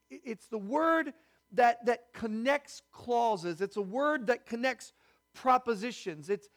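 A man preaching a sermon as pastor, teaching and asking the congregation rhetorical questions. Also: very high-pitched. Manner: prayerful and hushed when praying.

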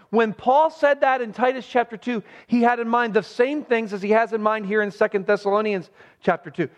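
A man's voice: high voice, steady tone, a little fast. A man preaching an expository sermon as pastor. He speaks emphatically and poses rhetorical questions to his listeners. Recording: dull lo-fi recording.

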